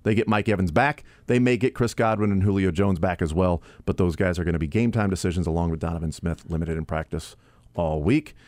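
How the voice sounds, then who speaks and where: A man's voice: sits low, fairly quick, a little mellow, no echo. A man hosting a sports talk radio show, analyzing a football game conversationally with frequent fillers. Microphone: studio broadcast mic.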